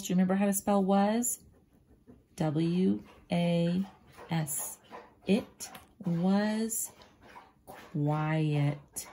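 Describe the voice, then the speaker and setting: A woman teacher slowly and gently walking young pupils through a writing lesson, often dropping into a soft near-whisper as she draws and spells. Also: on the low side. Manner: slow, gentle, talks directly to young pupils. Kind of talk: children's writing lesson, drawing and thinking aloud.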